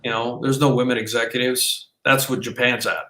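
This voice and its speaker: A man with a bright, forward voice co-hosts a casual podcast and rambles through his points, restarting sentences and reaching for fillers. The recording sounds roomy, with noticeable echo. His pitch sits in a middling range. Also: steady tone, a little fast. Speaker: podcast co-host.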